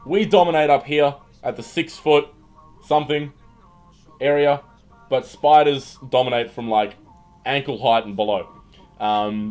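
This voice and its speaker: A young Australian man hosts a casual livestream, reading chat and riffing with lots of fillers and restarts. His voice sits at an ordinary middle pitch. Faint music plays quietly underneath. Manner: rambling, joking, with frequent fillers and restarts. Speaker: livestream host. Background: faint background music.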